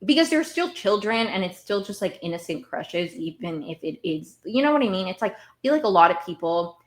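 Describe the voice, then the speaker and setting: A woman's voice: medium pitch, fairly quick. A woman hosting a podcast, recapping a TV episode in casual, rambling chat that often repeats itself. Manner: animated, rambling, repeats herself. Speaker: podcast host.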